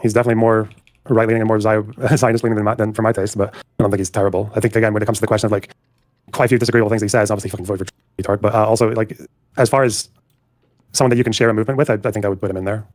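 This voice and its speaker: Male debate guest, casual and profane, low voice, rapid. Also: fairly even intonation, a little mellow, no room sound. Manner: casual, swears, hedges with "like". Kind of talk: heated online debate.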